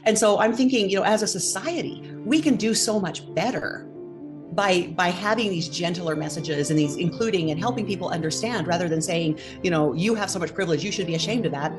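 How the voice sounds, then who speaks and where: A woman's voice: on the low side, a little fast, over music. A woman, a mother speaking as an interview guest, talking thoughtfully and a little hesitantly. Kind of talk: conversational interview.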